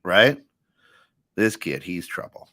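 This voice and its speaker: A man's voice: deep voice, sing-song, takes it slowly, pushed and bright, no echo, studio quality. A man from southern Iowa co-hosting a talk show, chatty, with lots of restarts and "right?" tags. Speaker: co-host. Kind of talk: casual talk-show banter.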